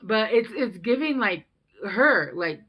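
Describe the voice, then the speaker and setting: A woman's voice: medium pitch, expressive, takes it slowly, lo-fi sound. A young woman giving a casual tarot reading, rambling and chatty and swearing freely. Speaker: tarot reader.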